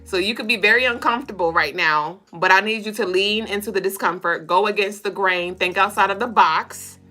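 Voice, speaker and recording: A woman hosting a casual spiritual reading livestream, talking straight to viewers in a loose, profane, animated way. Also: mid-range voice, a little fast, soft background music. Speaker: spiritual reader and co-host.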